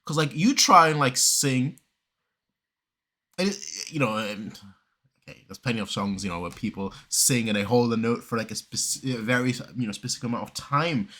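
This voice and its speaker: Bright-voiced man rambling fast. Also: medium pitch, animated. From southern Germany. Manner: fast, rambling talk with many restarts and pauses. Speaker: reaction video creator. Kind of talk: casual reaction commentary.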